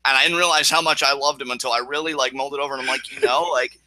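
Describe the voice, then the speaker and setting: Co-host, male, rambling and emotional, bright voice, dry close sound. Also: medium pitch, steady tone, very fast, dry recording. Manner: rambling, emotional, frequent restarts. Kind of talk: casual podcast chat.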